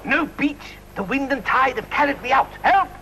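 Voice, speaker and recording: A cheeky fox puppet with a high, bright, bouncing voice that swoops all over the place. He puns constantly and chuckles at his own gags, in a lively TV safety-film sketch. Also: normal speed, slight background noise, exaggerated voice. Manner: bouncy, punning, laughs at own jokes. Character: cheeky male fox puppet, jokey and giggly. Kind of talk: 1990s TV public information film.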